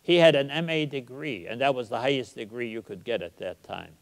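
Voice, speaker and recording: Older guy lecturing, emphatic, drags out the verse lines slow, big echoey hall. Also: medium pitch, creaky. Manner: emphatic, recites verse slowly. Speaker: guest lecturer. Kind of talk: public lecture.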